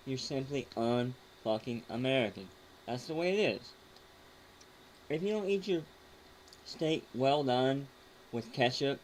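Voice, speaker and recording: A man's voice: mid-range voice, expressive, unhurried, a little hiss or hum, poor audio. A man hosting a casual online show, reacting to videos with a crude, mocking, rambling manner. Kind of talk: casual rant commentary.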